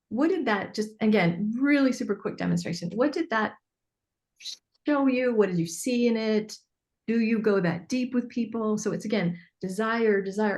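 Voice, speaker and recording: A woman, a business mentor coaching a group on a call, earnest and animated, acting out bits of dialogue. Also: medium pitch.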